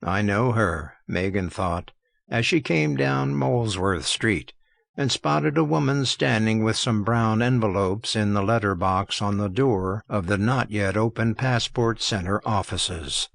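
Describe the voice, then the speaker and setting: Gravelly male audiobook narrator. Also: on the low side, a little slow, dry recording. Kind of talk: scripted narration.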